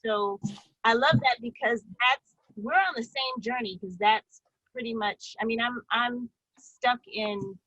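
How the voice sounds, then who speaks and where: A woman's voice: a little high, unhurried, bright, forceful tone, no room sound, lo-fi sound. A woman who is a doctoral student speaking effusively in a writing workshop over a video call, rambling as she praises. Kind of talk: casual chat.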